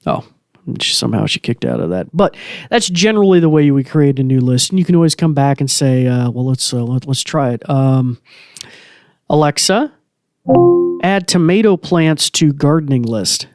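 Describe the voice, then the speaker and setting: A man's voice: mid-range voice, animated, normal speed, darkish tone, no echo, soft background music. A man hosting a casual tech tutorial podcast from a small studio, talking loosely with plenty of fillers while demonstrating. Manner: chatty, loose, many fillers. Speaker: podcast host.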